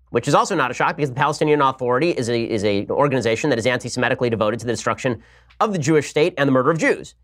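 A man hosting a political commentary podcast, talking in a sarcastic, rapid-fire way. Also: medium pitch, a bit bright. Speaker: podcast host.

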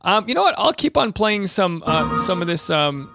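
A man's voice: high voice, big pitch swings, moderate pace, gravelly. Chatty man hosting a podcast. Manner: joking, chatty, many fillers. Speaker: podcast host. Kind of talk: casual podcast monologue. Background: faint Celtic music.

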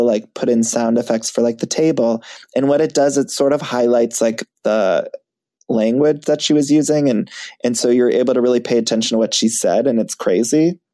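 A man chatting as a podcast guest, animated and self-mocking, laughing at himself often. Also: medium pitch. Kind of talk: casual chat.

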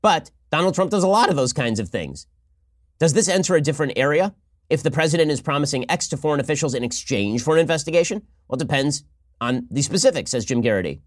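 A man delivering fast, sarcastic political commentary from a close studio mic, sometimes acting out mock phone calls. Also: on the high side, lively intonation, no room sound. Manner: rapid-fire, sarcastic, acts out mock dialogues.

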